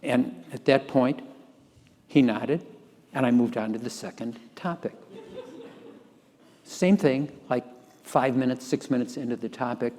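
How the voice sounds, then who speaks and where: A man's voice: medium pitch, measured pace, pauses often, in a large hall, slight background noise. An older man telling an anecdote in an oral-history recording, acting out the dialogue with animation. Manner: animated storyteller, acts out dialogue. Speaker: tax lawyer telling a story.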